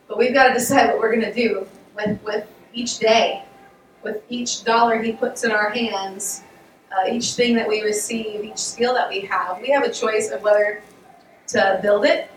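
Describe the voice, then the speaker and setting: Animated woman preaching in an echoey room. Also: on the high side, slight background noise. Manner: conversational and animated, with laughs and frequent restarts. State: losing her voice. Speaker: speaker giving a devotional talk. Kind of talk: casual sermon. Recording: echoey room, voice picked up from a distance.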